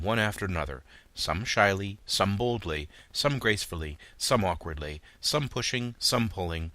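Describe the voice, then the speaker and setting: A man narrating a classic novel as an audiobook, with an expressive, dramatic reading. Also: low voice, moderate pace, hardly any pauses, no echo.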